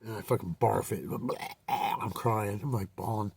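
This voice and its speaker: A man with a husky, gravelly, somewhat low voice tells a rambling personal story, cursing constantly and restarting his sentences. He sits a little back from the microphone. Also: fairly even intonation, moderate pace, a little mellow, no echo, recorded from a distance. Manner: rambling, profane, many fillers and restarts.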